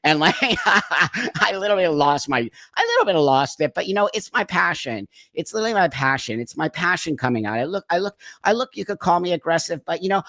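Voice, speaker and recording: A man's voice: on the high side, sharp tone, dry recording, clean studio sound. A man hosting his own channel, talking casually to viewers in a fired-up, rambling way with many restarts. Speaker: channel host. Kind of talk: casual commentary vlog. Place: Los Angeles.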